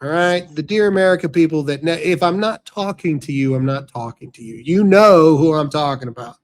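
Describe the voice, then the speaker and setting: Brash ranting man, high voice. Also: fairly quick. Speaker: podcast host. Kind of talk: casual commentary with ad read.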